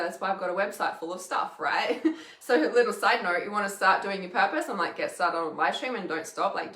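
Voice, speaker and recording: Bright candid woman in an echoey room. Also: a little high. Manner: candid, laughs often, swears casually. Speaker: intuitive healer and mentor, livestream host. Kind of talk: casual livestream chat reading comments.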